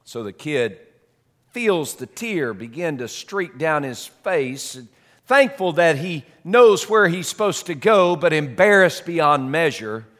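A man preaching a sermon as a story, dramatic, swinging between loud and soft. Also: fairly high pitch, very animated, takes it slowly. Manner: dramatic, shifts loud and soft, repeats words.

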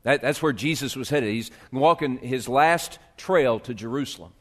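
A male pastor preaching a sermon, swinging from hushed, slow lines to loud, rising appeals. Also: medium pitch.

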